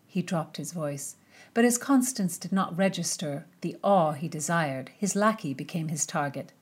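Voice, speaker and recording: A woman narrating a historical novel aloud, with measured, expressive storytelling. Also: on the low side. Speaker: audiobook narrator. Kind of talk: scripted narration with character voices.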